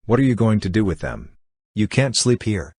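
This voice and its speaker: A brusque young art student who teases his friend bluntly, read by a man. The voice is deep and husky, and the sound is dry and close. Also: big pitch swings, normal speed, a little mellow, no room sound. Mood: gruff.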